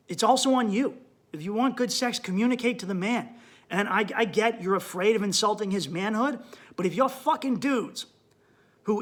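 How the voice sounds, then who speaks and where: A man hosting a comedy podcast in a high, bright, sharp-edged voice. He delivers a crude, blunt monologue and acts out his own thoughts as he goes. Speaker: podcast host.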